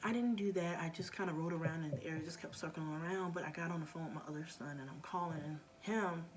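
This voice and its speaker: A woman's voice: low voice, fast. A middle-aged woman vlogger telling a story in a casual, earnest way, often dropping to a near-whisper.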